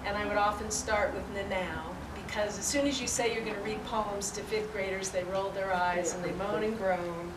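A woman reminiscing and reading poetry aloud at a peace forum, in an unhurried, warmly reminiscing way. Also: mid-range voice, steady tone. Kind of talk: spoken recollection and poetry reading. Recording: roomy, distant, noisy event recording.

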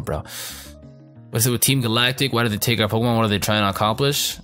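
Animated, joking young man narrating gameplay. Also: mid-range voice, quick pace. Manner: profane, joking, rambling, reacts loudly. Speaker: let's play gamer. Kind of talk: casual gameplay commentary. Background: faint game music.

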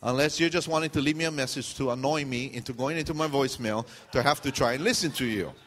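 A man's voice: mid-range voice, quick pace, a bit bright, in a large hall. A man preaching a sermon as pastor, casual and joking, acting out what his listeners are thinking. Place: church sanctuary.

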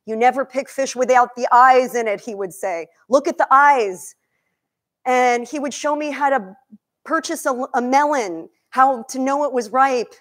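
A woman nutrition coach and cookbook author from Egypt, giving a lively talk to a live audience in a demo kitchen, asking them questions. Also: a little high. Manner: energetic, questions the audience, emotional.

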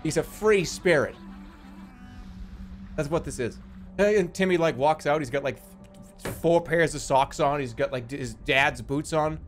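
Brief: male streamer, slightly high, lively pitch, rowdy jokey commentary, faint music behind. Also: normal speed. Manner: excitable, jokey, swears freely. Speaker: streamer playing a strategy game. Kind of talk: casual live game commentary.

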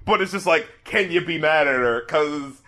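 Excitable male podcast host with a high voice, laughing often in casual chat. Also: moderate pace.

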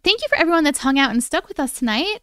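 A woman's voice: sits high, very animated, rapid-fire, pushed and bright, no room sound, studio quality. A woman hosting a casual live stream from home, chatty, gushing and affectionate as she talks with viewers. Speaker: live-stream host reading viewer stories. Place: at home with her cats.

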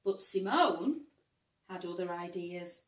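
A woman teacher reading a picture book aloud to children, gentle and expressive. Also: lowish voice, takes it slowly. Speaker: primary school teacher. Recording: roomy, distant mic.

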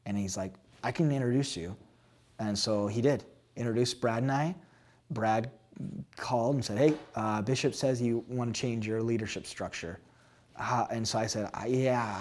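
A man in his thirties talks openly about his church work. He tells stories in bursts and acts out each side of the conversations. His voice sits in the middle range. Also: mid-range voice. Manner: animated storytelling, acts out dialogue. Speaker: pastor. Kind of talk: candid interview answer.

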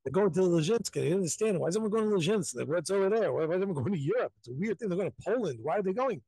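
Man, rabbi, animated storytelling, high pitch, dry close sound. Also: very fast, slightly rough, dry recording, low-quality recording. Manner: repetitive, emphatic, acts out quotes. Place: outdoors at a crowded pilgrimage site.

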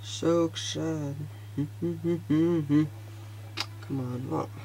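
Man gamer, casual commentary, slow drawl, a bit high, frustrated outbursts, mutters. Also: creaky, slight background noise. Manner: excitable, quick to frustration, mutters to himself.

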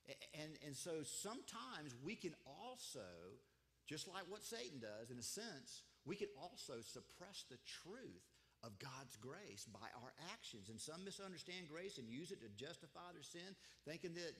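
A man's voice: a little high, big pitch swings, moderate pace, a bit bright. A man preaching a sermon as pastor, conversational and emphatic, firing off rhetorical questions to his congregation. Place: church sanctuary. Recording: long hall reverb.

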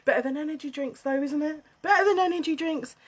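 A British woman hosting a casual livestream from home, bubbly, excitable and a bit scatty as she chats to viewers. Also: sits high, fast talker. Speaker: livestream host selling beauty and wellness kits. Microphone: phone.

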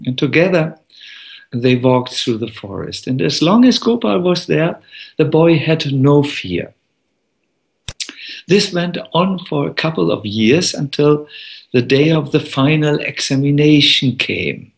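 A man giving a devotional talk as a monk, telling a story in an unhurried, gentle way with many pauses. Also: on the high side, animated, creaky.

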